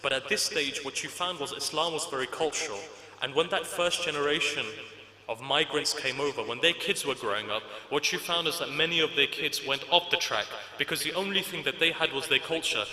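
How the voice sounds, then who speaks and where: A man's voice: fairly high pitch, brisk, a crowd in the background. A man giving a religious lecture to an audience, telling anecdotes in a conversational, humorous way. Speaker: Islamic lecturer. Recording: echoey hall reverb.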